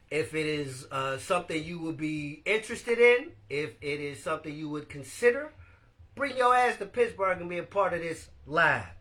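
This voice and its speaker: A man hosting a casual live-stream podcast, animated and laughing as he talks to his viewers. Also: sits high. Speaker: podcast host.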